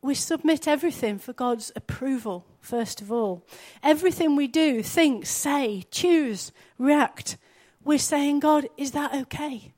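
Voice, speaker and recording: High-voiced woman preaching. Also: a little slow, hardly any pauses, darkish tone. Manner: earnest, conversational preaching with rhetorical questions. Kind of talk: sermon.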